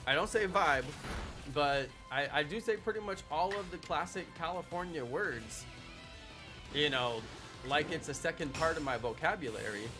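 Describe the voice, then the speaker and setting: A young man with a slightly high voice chats with his stream audience, playful and teasing. He talks in a loose, easygoing way. Music plays clearly behind him. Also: expressive, normal speed. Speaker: live streamer. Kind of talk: casual chat with a live stream audience. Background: background music.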